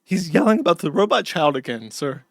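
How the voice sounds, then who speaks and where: Man putting on a panicky male reviewer, high voice, frantic whispers, dry sound. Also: big pitch swings, a little fast, vocal fry, dry recording.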